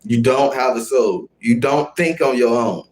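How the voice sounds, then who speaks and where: A man's voice: mid-range voice, a little slow, darkish tone. Confrontational man scolding his live chat. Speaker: livestream host. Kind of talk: casual live-stream rant.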